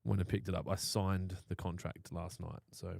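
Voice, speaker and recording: A brash Australian man with a slightly low voice, co-hosting in blunt, profane casual chat. He sounds close and dry, with almost no room sound. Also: little pitch movement, normal speed, vocal fry, a little mellow, no echo. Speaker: podcast co-host.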